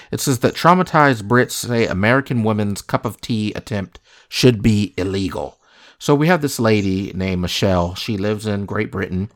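A man with a slightly low voice chats casually and jokingly. He plays it mock-serious and keeps tossing questions at his co-host. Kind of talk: casual comedic chat.

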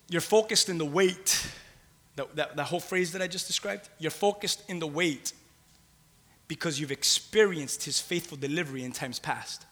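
A passionate male pastor delivering a sermon in a bright, forceful, slightly high voice. He drops to near-hushed intimacy, then builds to loud, rhythmic calls, repeating his phrases and urging the congregation to answer back.

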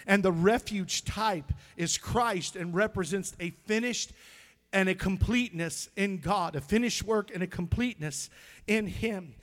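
A male pastor preaching a sermon, telling stories and swinging from hushed tones to loud, shouting climaxes. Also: high voice. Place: church sanctuary.

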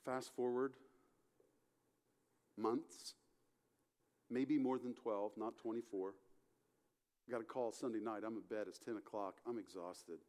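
A middle-aged man preaching as a pastor, telling a story with acted-out dialogue and moving from loud passages to hushed ones. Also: fairly low pitch, fairly even intonation, measured pace, long pauses. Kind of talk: sermon.

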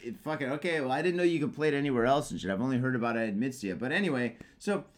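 A man's voice: medium pitch, lively intonation, rapid-fire. A man in his thirties co-hosting a podcast, chatting loosely and swearing a lot. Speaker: podcast co-host. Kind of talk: casual chat.

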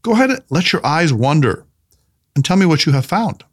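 A playful, gently insistent male mentor voiced by a man reading an audiobook speaks in a fairly high, lively voice that rises and falls freely. He coaxes and teases with emphatic warmth in his lessons. It is storybook narration with the figure's lines read aloud. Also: fairly quick, husky.

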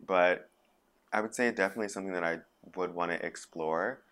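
A young man speaks in a lower register as a podcast guest, relaxed and conversational. He tells stories lively, slipping into quick impressions of the people he quotes. A poet and actor sharing his experiences in plain everyday speech. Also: clear, resonant tone. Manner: animated, acts out quoted voices of others. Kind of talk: casual interview conversation.

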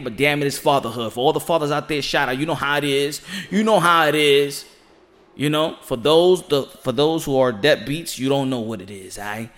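A man hosting a boxing podcast from home, talking in an excitable, slangy monologue and often saying "ladies and gentlemen". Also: mid-range voice. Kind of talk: animated boxing commentary monologue. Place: home room with children nearby. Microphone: home setup.

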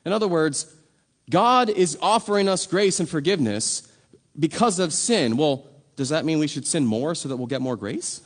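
High-voiced man preaching a sermon. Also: animated, moderate pace. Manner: conversational, emphatic preaching with rhetorical questions. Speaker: pastor.

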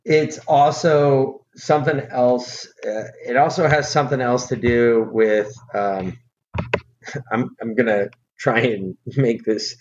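A middle-aged American man co-hosts a podcast, chatting casually in a rambling, profane and emphatic way. His mid-range voice stays steady and unhurried. The audio is dull and lo-fi with a faint hiss.

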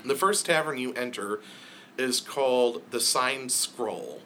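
Unhurried man running a tabletop game, clear bright voice. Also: medium pitch, slight background noise. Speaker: game master.

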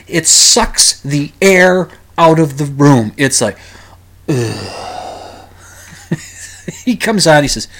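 A man's voice: mid-range voice, fairly bright tone. Rambling, ranting male podcast host. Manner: rambling, ranting, frequent restarts and sighs. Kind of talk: solo podcast monologue.

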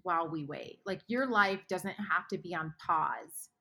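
Woman, guest author, faith podcast, earnest storytelling, hushed asides, bright tone, husky. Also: fairly low pitch, unhurried.

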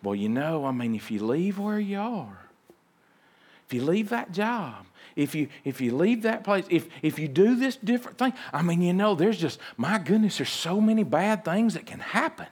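A man's voice: high voice, big pitch swings, normal speed, darkish tone, breathy edge, exaggerated voice. A man voicing an anxious naysaying friend who hedges and worries. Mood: worried. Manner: hesitant, hedging, worried.

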